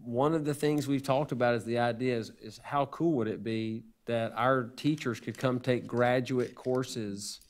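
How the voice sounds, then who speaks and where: A man's voice: medium pitch, fairly even intonation, a little slow, few pauses. A man giving an unscripted report to a school board, earnest and hesitant, often restarting his sentences.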